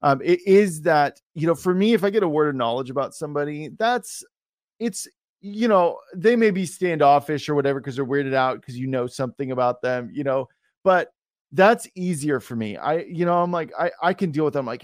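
A man's voice: on the high side, moderate pace, no echo, clean studio sound. A man hosting a podcast interview, chatting casually and saying dude and like a lot. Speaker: podcast host.

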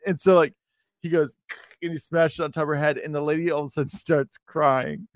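A man's voice: a little high, a little fast, no room sound. Chatty male host, dry close sound. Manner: chatty storyteller, frequent fillers and restarts, affirming listener. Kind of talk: casual interview chat.

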